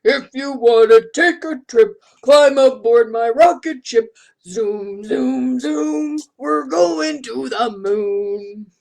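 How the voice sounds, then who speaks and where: A woman putting on a silly deep, booming voice to sing a children's song. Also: takes it slowly, creaky, darkish tone, heavily acted.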